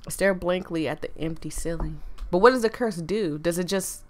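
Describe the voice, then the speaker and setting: A woman's voice: fairly low pitch, moderate pace. A young woman playing through a story game, rambling and giggling as she comments. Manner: chatty, giggly, rambling with lots of "like". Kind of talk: let's-play commentary.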